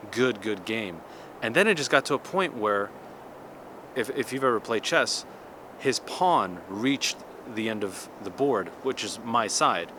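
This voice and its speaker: A vlogger in his thirties tells a story in a chatty, animated monologue full of restarts and "like." His voice is lowish, with background noise.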